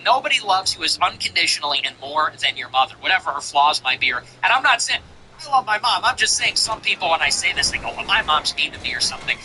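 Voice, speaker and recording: A man's voice: sits high, very animated, fast, sharp tone, a little hiss or hum, low-quality recording. A man hosting his own show, delivering a commentary monologue in emphatic, repetitive declarations. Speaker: show host.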